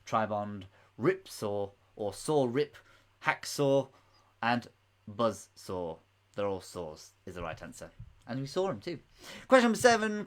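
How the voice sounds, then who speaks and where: Giggly man hosting a quiz. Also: on the high side. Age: late 20s. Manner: jokey, giggly, rambling asides. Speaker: quiz host. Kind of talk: live-streamed quiz answers. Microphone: microphone close to the mouth.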